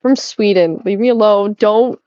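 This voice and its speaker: A young woman streams while cleaning indoors at home, chatting playfully and teasing her viewers in a rambling way. Her medium-pitched voice is unhurried and mellow, and the recording is muffled with no echo.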